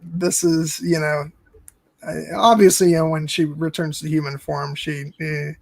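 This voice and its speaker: A man's voice: on the high side, little pitch movement, a little slow, vocal fry, dry recording, low-quality recording. A man co-hosting a film podcast in casual chat, hesitant and full of fillers and restarts.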